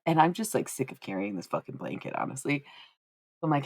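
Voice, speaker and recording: A woman with a low voice tells a rambling, funny story straight into a close desk mic, laughing often and swearing freely. She throws in quoted lines in squeaky put-on voices. The sound is dry, with no room around it. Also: sing-song, a little fast, husky, dry recording. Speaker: streamer. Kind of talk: casual storytelling chat.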